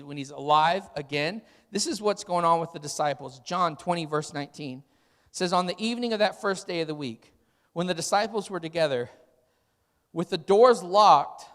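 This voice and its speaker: Animated high-voiced male pastor preaching. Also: big-room sound. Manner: animated storytelling, acting out quotes with rising intensity. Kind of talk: sermon. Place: church auditorium.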